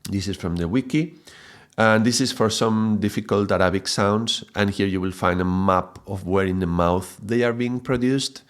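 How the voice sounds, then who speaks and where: A man teaching a lesson, speaking haltingly, often repeating words and checking in with "yeah?". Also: fairly low pitch. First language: Spanish. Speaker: mantra teacher. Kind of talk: explanatory video lesson.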